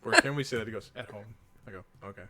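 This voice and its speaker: A man's voice: on the low side, very fast, a crowd in the background. A man co-hosting a casual podcast, telling stories about his kids in a laid-back way. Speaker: podcast co-host.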